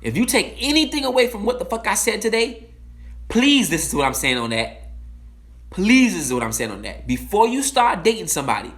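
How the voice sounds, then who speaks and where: A man giving an impassioned, profane talk, blunt and emphatic, swinging from loud outbursts to low, slow asides. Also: big pitch swings. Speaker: speaker giving a timed talk. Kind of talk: impassioned monologue.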